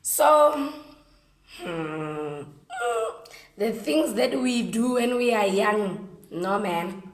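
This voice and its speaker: A woman with a Botswana accent, telling a story in a lively, slangy, casual way while eating on camera. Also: mid-range voice, very slow, echoey room. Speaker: vlogger.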